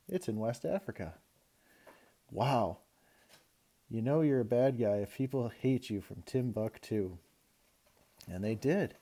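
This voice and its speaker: A male teacher reading a children's chapter book aloud to his class with expressive storytelling. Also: medium pitch.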